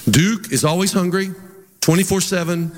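The recording echoes through a large church hall with a crowd present as a middle-aged pastor preaches in a humorous, chatty, story-driven way. He has a high-pitched voice and keeps a moderate pace.

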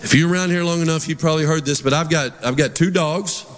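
A man's voice: on the high side, quick pace, music in the background. A middle-aged man, preaching a sermon in a conversational, humorous storytelling way. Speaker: pastor. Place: large church hall with congregation. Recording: reverberant church hall with crowd.

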